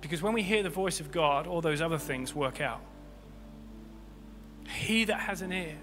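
A man preaching a sermon as pastor, impassioned, swinging between loud peaks and quiet low stretches. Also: moderate pace. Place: church hall. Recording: long hall reverb with faint music.

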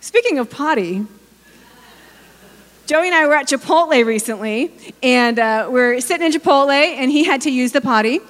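A woman's voice: high-pitched, animated, normal speed. A woman in her forties preaching a sermon, telling personal stories with humor and speaking directly to the congregation. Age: 40s. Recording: long hall reverb.

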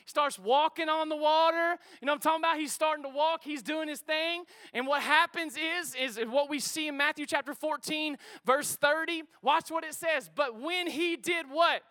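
A pastor, delivering a lively sermon. His voice sits high and sounds ringing and bright. The sound is close and dry, and he keeps calling out to his congregation in a chatty way. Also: moderate pace, few pauses, no room sound. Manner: energetic, conversational preaching with crowd call-outs. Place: church auditorium before a congregation.

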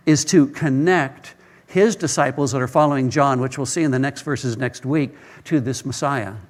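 A male pastor preaching a sermon, telling stories earnestly and often repeating words as he starts a phrase. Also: mid-range voice.

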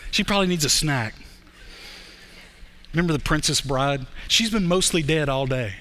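High bright-voiced male pastor preaching. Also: lively intonation, slight background noise. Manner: conversational storytelling, swings between fast bursts and slow emphasis. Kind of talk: sermon.

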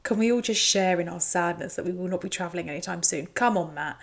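A woman's voice: fairly low pitch, fast talker, gravelly. A woman giving a chatty, teasing recap commentary. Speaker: show recap host.

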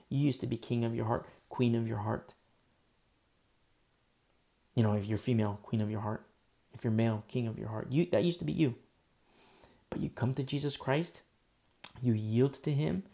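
A man preaching a sermon as pastor. He talks casually with fillers and restarts, then gets emphatic and slows down to stress key words. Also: medium pitch, gravelly, mellow.

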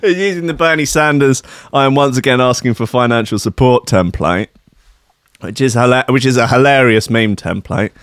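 A man's voice: mid-range voice, normal speed, smooth, no echo, clean studio sound. A man hosting a podcast, giving a sweary, rambling and sardonic comic rant about the news. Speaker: podcast host.

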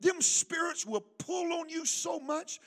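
High, bright-voiced preaching pastor. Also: male voice, expressive, measured pace. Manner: fervent, emphatic preaching with call-and-response prompts. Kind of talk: sermon. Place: church service.

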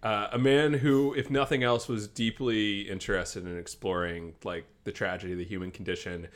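A man's voice: on the low side, fairly even intonation, moderate pace. A man co-hosting a podcast, sarcastic and profane in casual comedic chat, laughing often. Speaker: podcast co-host.

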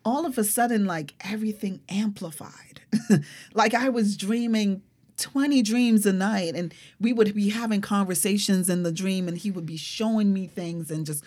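A young woman tells her story in a relaxed, conversational way, with a voice sitting in the middle of the range. Her delivery is animated and expressive, and "like" comes up again and again. The feel is a casual interview guest sharing something personal. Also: mid-range voice, normal speed. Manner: animated, expressive, frequent fillers like "like".

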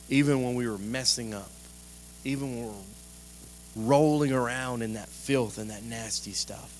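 Lively preaching man, faint hum. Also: mid-range voice, normal speed. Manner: lively, conversational preaching with humor and direct questions to the congregation. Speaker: pastor. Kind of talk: sermon.

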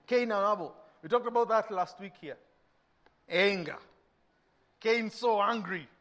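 Kenyan pastor guy, pretty high voice, preaching, goes loud then real quiet, acts out little scenes. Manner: animated preaching, acting out mock dialogues, swinging between loud and hushed. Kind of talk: sermon.

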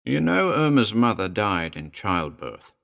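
A smooth, condescending middle-aged gentleman, voiced by a man in an audiobook drama. The voice is very deep yet swings up and down a lot, and he talks in an unctuous, soothing way. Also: big pitch swings, a little slow, heavily acted.

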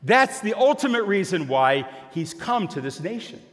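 An older man preaching a sermon, telling a story and acting out both sides of a conversation in an animated way. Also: high-pitched, moderate pace. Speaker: pastor. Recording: long hall reverb.

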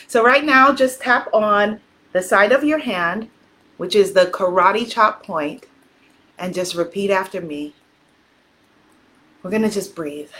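A woman coaching a live tapping session, calmly guiding listeners and leading phrases for them to repeat, quiet and slow during the tapping rounds. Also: mid-range voice. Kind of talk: guided tapping exercise on a live stream.

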